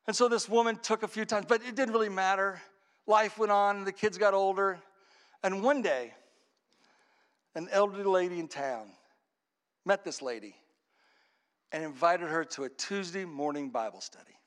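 A man preaching a sermon, telling a story dramatically, his voice swinging from hushed to shouting. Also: high-pitched, normal speed, pauses often, clean tone.

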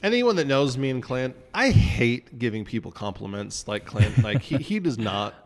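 A man's voice: medium pitch, expressive, moderate pace, faint music behind. A man co-hosting a podcast, telling a story with energy and acting out both sides of the conversations. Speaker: podcast co-host. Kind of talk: casual chat. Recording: long hall reverb.

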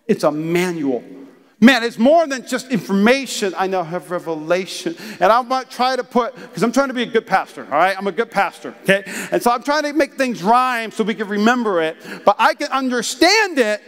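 High-voiced pastor preaching in a reverberant church hall. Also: male voice, normal speed. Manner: animated, conversational preaching with acted asides. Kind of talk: sermon.

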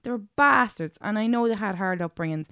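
A young woman co-hosting a casual podcast, telling an animated, sweary story. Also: medium pitch, a little fast, clear, resonant tone, no echo, clean studio sound. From Ireland. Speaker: podcast co-host. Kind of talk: casual chat.

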